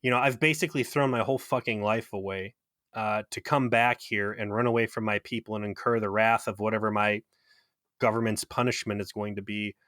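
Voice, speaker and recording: A man's voice: lowish voice, steady tone, fairly quick, a bit bright, no room sound, clean studio sound, natural voice. A man mockingly voicing a lovesick alien woman who pleads earnestly with her lover. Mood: pleading.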